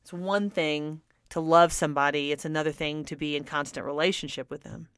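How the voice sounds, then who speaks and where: A middle-aged woman shares a personal story on the radio, candid and earnest. Her voice is smooth and clear, pitched a little low, and it sounds close and dry with no room echo. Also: steady tone, brisk, a bit bright. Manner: earnest, candid, laughs often. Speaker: radio host. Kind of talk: personal testimony talk.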